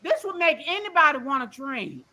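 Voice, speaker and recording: An emotional woman calls in to a live show and vents in a blunt, profane, rambling way. Her voice is bright and a little high. She swings between heated outbursts and quieter, shaken moments. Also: very animated, fairly quick. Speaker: caller on a livestream. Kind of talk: emotional call-in rant.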